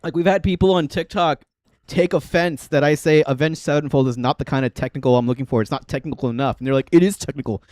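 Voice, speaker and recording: A man in his thirties chatting casually on a livestream as a bass-playing host, rambling with lots of fillers and frequent laughter. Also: steady tone, quick pace, darkish tone, no echo. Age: 30s.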